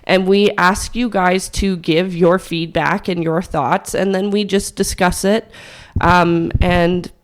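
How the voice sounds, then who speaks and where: A young woman co-hosting a podcast, hoarse from hay fever, with a raspy voice, chatting frankly and laughing often. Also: on the low side, steady tone, slow pace, few pauses. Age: young adult. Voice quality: raspy, gravelly. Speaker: podcast co-host. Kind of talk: casual chat.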